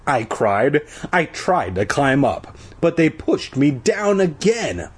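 A man's voice: medium pitch, expressive, slow, husky. A man reading a story aloud and breaking off for sarcastic, profane jokes. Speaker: reader. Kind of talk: comedic book reading with crude asides.

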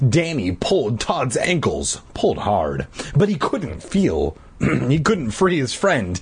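Husky man reading aloud irreverently. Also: mid-range voice. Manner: irreverent, swearing. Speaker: reader. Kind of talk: casual book reading with joking asides.

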